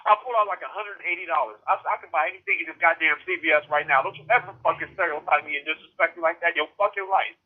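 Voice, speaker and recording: A man's voice: fairly high pitch, very fast, hardly any pauses, slightly rough. A young man in his twenties calling in to a show, rambling, heated and swearing, upset and close to tears. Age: 20s. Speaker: caller. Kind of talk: emotional call-in rant. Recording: phone-line call.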